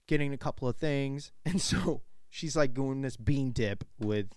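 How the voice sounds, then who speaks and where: A man telling a story in casual chat as a show co-host, animated and profane, laughing often and acting out quotes in a higher voice. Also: a little slow, clear, resonant tone, dry recording, clean studio sound.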